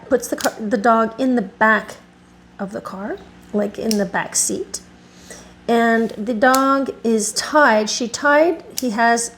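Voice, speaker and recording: A woman's voice: on the high side, slight background noise, poor audio. A woman dog groomer telling a long story in a rambling, self-correcting way while she works in her home grooming room, stopping now and then to soothe the dog. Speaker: dog groomer and video host.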